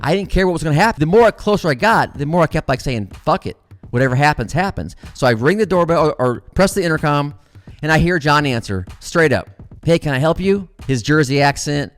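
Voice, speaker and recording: A middle-aged man, a comedian host, telling a long story in a casual, animated and profane way. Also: a little high, brisk.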